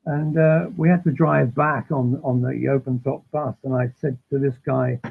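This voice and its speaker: A man guesting on an interview, telling animated, rambling anecdotes that keep interrupting themselves. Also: medium pitch, normal speed, gravelly, slightly rough. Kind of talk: casual storytelling. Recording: tinny phone-like line.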